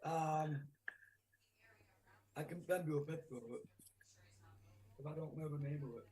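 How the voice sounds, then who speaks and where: A man chatting quietly as a livestream guest; his voice is faint and he keeps mishearing questions. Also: on the high side, steady tone, a little slow. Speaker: stream guest. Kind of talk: casual chat.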